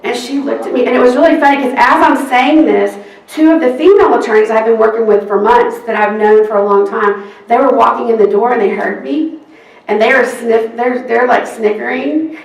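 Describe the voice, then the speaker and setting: A woman, a court reporter telling a lively work story to a seminar audience and acting out the quoted exchanges. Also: on the high side, vocal fry. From Texas. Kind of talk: anecdote told to an audience. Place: seminar room. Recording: roomy sound from a distance.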